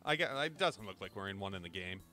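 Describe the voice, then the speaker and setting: A man's voice: low voice, expressive, fast talker, pushed and bright, soft background music. A man in his twenties chatting casually over gameplay, rambling through jokey anecdotes. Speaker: gaming YouTuber. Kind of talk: casual gameplay commentary and storytelling.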